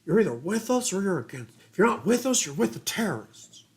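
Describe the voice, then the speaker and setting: A woman's voice: mid-range voice, big pitch swings, a little fast, darkish tone, natural voice. A woman doing an impression of a brash male politician with a Texan accent, in a drawling tough-talking manner.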